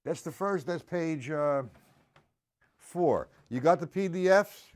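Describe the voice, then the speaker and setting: A man teaching drums on a live stream, counting the beats out loud and making gruff, cussing asides to his viewers. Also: on the high side, takes it slowly. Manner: counts beats aloud loudly, gruff asides and mild swearing. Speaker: drum teacher. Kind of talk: live-streamed drum lesson.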